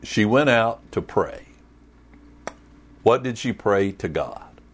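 Slow, animated male preacher. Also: fairly low pitch, husky. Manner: animated, humorous storytelling with folksy sayings. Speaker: pastor. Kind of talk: sermon.

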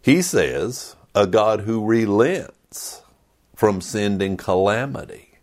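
A man, a pastor, preaching a sermon on a passage, reading it out and acting out quoted lines dramatically. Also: takes it slowly. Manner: dramatic, voices quoted complaints with rising pitch.

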